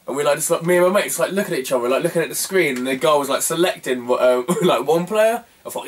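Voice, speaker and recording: A man's voice: fairly high pitch, animated, fast, few pauses, recorded from a distance. A young man chatting casually about his retro game finds, rambling with lots of fillers and frequent laughter. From England. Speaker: retro game collector vlogger. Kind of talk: casual chat.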